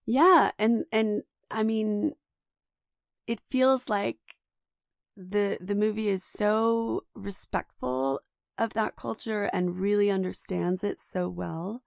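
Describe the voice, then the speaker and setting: A woman's voice: medium pitch, fairly even intonation, slow, gravelly, no echo, studio quality. A woman co-hosting a podcast, chatting enthusiastically about a film with lots of restarts. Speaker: podcast co-host. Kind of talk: casual film discussion.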